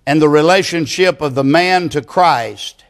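A man preaching a sermon, speaking slowly and emphatically and building to loud passion. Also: a little high.

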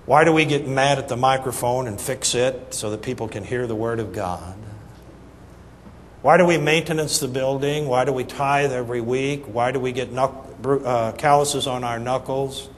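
A middle-aged man preaching a sermon, telling a humorous story in an animated, folksy way that swings between loud punchlines and soft asides. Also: medium pitch, normal speed, a little hiss or hum. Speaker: pastor. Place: church sanctuary. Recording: reverberant church hall, faint ambience.

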